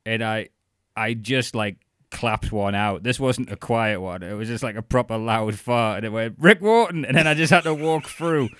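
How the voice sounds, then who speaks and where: A man's voice: lowish voice, moderate pace, fairly bright tone, clean tone, dry recording. A man co-hosting a podcast, telling stories in a casual chat, swearing and acting out other people's voices. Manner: swearing storyteller, acts out voices. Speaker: podcast co-host.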